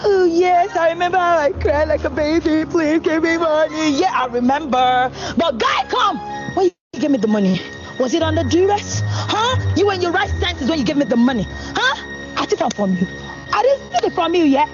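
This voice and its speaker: A woman acting a brash young woman who dodges a debt, loud and mocking, in a comedy skit. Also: very high voice, animated, moderate pace. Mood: defiant, mocking. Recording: dull clip with music. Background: music.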